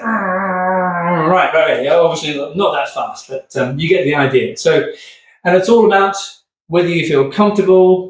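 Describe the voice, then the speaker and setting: A man demonstrating rehab exercises in an upbeat, chatty way, keeps asking okay, getting out of breath. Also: on the high side. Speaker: physio instructor. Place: room with hard floor. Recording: echoey room, distant mic.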